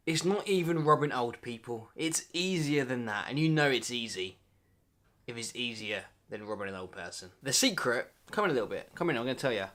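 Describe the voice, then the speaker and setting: Joking young man talking to camera. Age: 20s. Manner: playful, mock-dramatic, jumps between loud bursts and low asides. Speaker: vlogger. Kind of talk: comedic monologue to camera.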